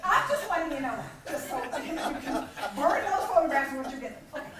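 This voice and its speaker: Heard from afar in an echoey conference hall with heavy background noise, a middle-aged keynote speaker delivers a brisk motivational talk. Her high voice swoops up and down as she acts out small scenes with laughter in an animated, humorous way.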